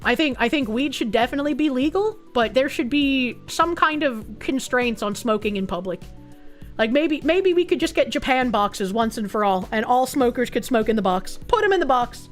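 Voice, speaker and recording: A woman from New England with a Boston-area accent, reading chat on her stream, swearing loudly and breaking into shrieking laughs. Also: normal speed, soft background music. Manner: loud, swearing, bursts into high laughing shrieks.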